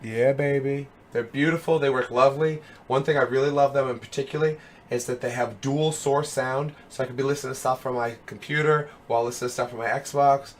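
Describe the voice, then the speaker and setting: A young man with a hoarse, worn voice, streaming and chatting casually with his viewers, rambling with lots of fillers and calling them dude and brother. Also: medium pitch, fairly even intonation, brisk, a little hiss or hum. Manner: rambling, fillers of "you know what I mean". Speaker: streamer hosting a web show. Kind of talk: casual live-stream chat. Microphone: headset.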